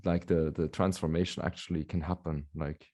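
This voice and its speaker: A male podcast host in relaxed interview talk, affirming his guest with frequent soft murmurs of agreement. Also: low voice, moderate pace. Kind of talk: conversational interview.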